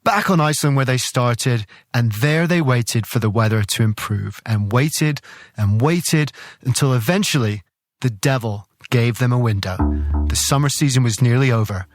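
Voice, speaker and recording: A man's voice: mid-range voice, moderate pace, dry recording, clean studio sound, faint music behind. A male podcast host giving scripted narration in an enthusiastic, conversational way.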